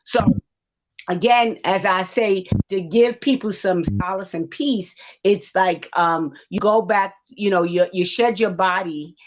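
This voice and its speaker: A woman psychic on a livestream, talking gently and reassuringly, with many fillers as she tells a story. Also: mid-range voice, unhurried, background noise. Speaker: psychic panelist. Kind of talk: livestream talk. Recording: dull lo-fi livestream audio.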